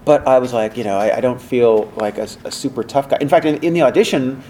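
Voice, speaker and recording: A man being interviewed as a voice actor, chatting casually and telling animated stories with acted-out quotes and many fillers. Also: medium pitch, fast, a little hiss or hum. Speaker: voice actor guest.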